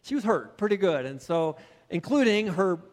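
A man's voice: sits high, very animated, moderate pace, long reverb tail. A middle-aged male pastor telling a personal story in a sermon, then building into emphatic preaching.

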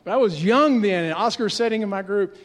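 A pastor in his sixties telling a story in a sermon, in animated, conversational delivery with frequent restarts, in a church sanctuary. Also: sits high, fairly quick. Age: 60s. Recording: long reverb of a large hall.

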